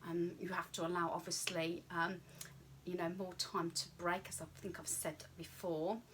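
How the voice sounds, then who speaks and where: A woman's voice: on the low side, moderate pace, slight background noise. Chatty British woman rambling through a story. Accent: British English. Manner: rambling, chatty, many ums and asides; animated, acts out her own thoughts in quotes. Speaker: vlogger. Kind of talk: casual personal storytelling.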